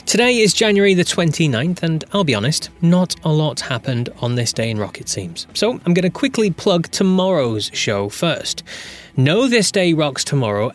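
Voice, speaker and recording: A man's voice: a little high, sing-song, normal speed. A man hosting a daily classic rock podcast, reading a script with chatty, candid asides. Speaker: podcast host.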